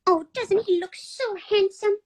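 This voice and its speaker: A woman's voice: extremely high pitch, measured pace, a little hiss or hum, pitched above the performer's own voice. A woman voicing a sweet, cheerful female cartoon mouse in a giggly, coy, sugary manner.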